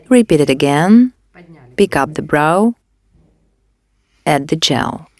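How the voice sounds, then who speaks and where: A woman demonstrating a facial care technique, giving calm step-by-step instructions. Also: medium pitch, unhurried, long pauses. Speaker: beauty device instructor.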